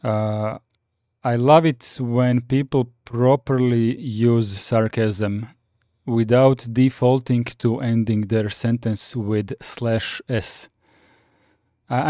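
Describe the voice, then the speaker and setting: A man hosting a live-streamed lesson, reading through command notes and answering chat in a steady, explanatory way with frequent fillers. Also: mid-range voice, slow pace, no room sound, studio quality. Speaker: Linux course host.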